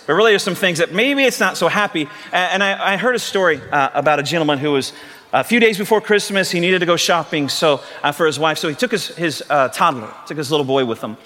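A middle-aged man preaching a lively, joking sermon as pastor, rising to shouts. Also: high-pitched. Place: church sanctuary. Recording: long reverb of a large hall.

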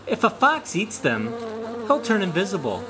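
A man voicing a crafty male raccoon trickster in a folk tale, with a coaxing, playful manner and a raised, lively voice. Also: high-pitched, moderate pace, background noise, pitched above the performer's own voice.

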